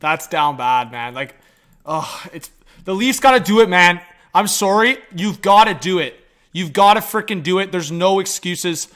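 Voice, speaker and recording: A young man doing excitable, slangy live reaction commentary and talking straight to his chat as a livestream hockey commentator. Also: high voice, moderate pace.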